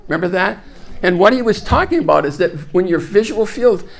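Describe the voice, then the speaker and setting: A man's voice: sits high, lively intonation, brisk, creaky. A man giving a live motivational talk, energetically guiding the audience through an exercise and often repeating his phrases. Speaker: speaker leading an audience exercise.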